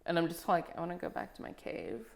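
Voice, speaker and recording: A woman's voice: on the low side, big pitch swings, fast talker, vocal fry, darkish tone. A woman, a comedian hosting a podcast, telling wry stories and quoting the people in them. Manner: storytelling, quotes people, wry. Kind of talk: casual podcast chat.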